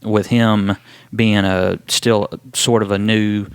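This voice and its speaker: A man, a wrestler telling his story in a casual interview, relaxed and rambling with many ums and restarts. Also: fairly low pitch, takes it slowly, clean tone, no room sound. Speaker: wrestler guest.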